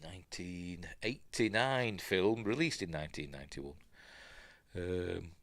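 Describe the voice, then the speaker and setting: A man's voice: sits low, animated, a little slow, no room sound. An older man with a Yorkshire accent, hosting a podcast in casual rambling chat, laughing often and trailing off as he looks things up. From Yorkshire, England. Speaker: podcast host.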